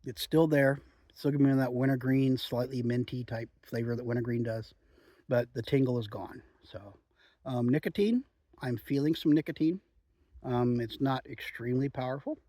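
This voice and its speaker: A man chatting in a relaxed, rambling way outdoors in the woods while reviewing a chew. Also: mid-range voice, moderate pace, no room sound. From Oregon. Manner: chatty, relaxed, frequent "um" and "you know". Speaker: outdoor vlogger reviewing chewing tobacco. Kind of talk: rambling casual monologue.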